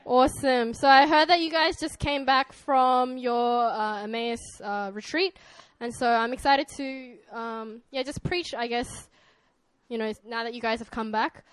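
The young Australian guest pastor delivers her sermon in a friendly way, laughing lightly and filling pauses with um and uh. Her slightly high voice is smooth and steady, unhurried, with no room sound.

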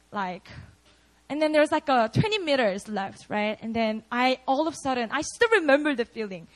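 This high-voiced young woman, captured on a low-quality recording, is preaching at a prayer meeting. She tells stories in a relaxed, chatty way, filling her sermon with "like" and "you know."

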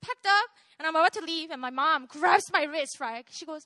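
A young woman, telling a personal testimony in an animated way, laughing often and checking in with "right?". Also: sits high, normal speed, hardly any pauses, no echo. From South Korea. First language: Korean. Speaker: speaker sharing a testimony.

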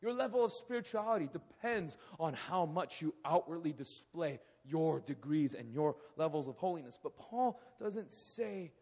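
A man in his thirties preaching a sermon in a hall, animated, often acting out quoted voices. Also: fairly high pitch, normal speed, few pauses, slightly rough. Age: 30s. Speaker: pastor. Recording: echoey hall.

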